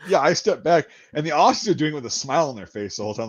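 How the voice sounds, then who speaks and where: A man in casual chat spinning a long, profane anecdote and slipping into the voices of the people in it. His pitch sits in the middle range. The recording is dull and lo-fi. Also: animated, quick pace, hardly any pauses. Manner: profane, rambling anecdotes with acted-out quotes.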